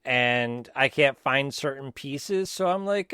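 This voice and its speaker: A man's voice: medium pitch, animated, slow pace, pushed and bright, smooth, dry recording, clean studio sound. A man co-hosting a podcast, chatting casually and in an easygoing way about video games. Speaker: podcast co-host. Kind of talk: casual gaming chat.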